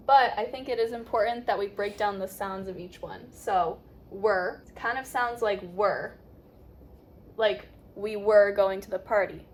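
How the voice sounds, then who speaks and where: A young woman with a General American accent teaching pronunciation in a classroom, drilling words patiently and spelling out letters slowly. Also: medium pitch, slight background noise. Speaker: accent coach. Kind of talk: pronunciation lesson. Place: classroom with a board.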